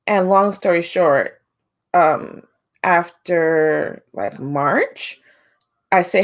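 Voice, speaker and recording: A woman in her forties, a homeschooling mom, telling a personal story to camera in a casual, animated way and acting out what people said. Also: slow pace. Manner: animated, acts out quotes with big pitch jumps.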